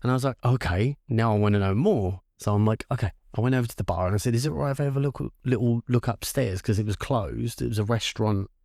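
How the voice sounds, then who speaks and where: A man's voice: medium pitch, quick pace, few pauses, dry recording, studio quality. A young man, co-hosting a podcast, telling a story with lots of swearing and acted-out voices of the people in it. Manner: animated storyteller who acts out quoted voices and swears freely. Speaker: podcast co-host. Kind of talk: casual storytelling chat.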